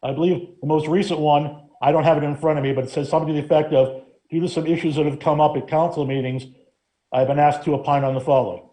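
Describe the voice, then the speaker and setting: Firm, mellow-voiced male law director. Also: on the high side, steady tone, fast. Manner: firm, defensive, lawyerly. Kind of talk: council meeting debate.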